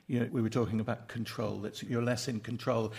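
Male panel host, gravelly voice, curious questions with restarts. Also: medium pitch, flat delivery, fairly quick, a little mellow. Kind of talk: panel interview.

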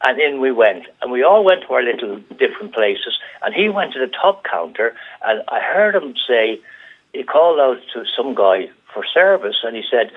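A man's voice: mid-range voice, moderate pace. Older Irish man telling stories by phone. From Ireland. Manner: animated anecdote telling, acting out quoted voices. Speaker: radio caller. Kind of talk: storytelling on a phone-in show. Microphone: telephone. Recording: tinny phone line.

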